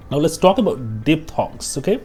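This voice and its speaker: A man with a husky, sharp-toned voice on the high side leads a slow English pronunciation lesson. Example words come out twice, "okay?" gets tagged on often, and he halts now and again to cough.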